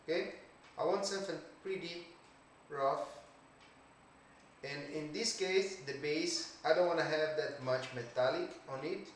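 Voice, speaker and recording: A man giving a casual 3D art tutorial, thinking aloud slowly with many "okay"s and trailing phrases. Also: a little high. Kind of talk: casual screen-recorded tutorial. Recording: echoey room, distant mic, faint hiss.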